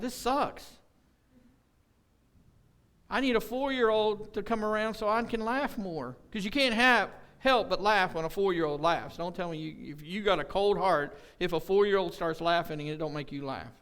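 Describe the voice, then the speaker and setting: High, clear-voiced joking preacher man. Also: fairly bright tone. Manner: joking, folksy storytelling with acted-out quotes. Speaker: pastor. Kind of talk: casual conversational sermon. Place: church service.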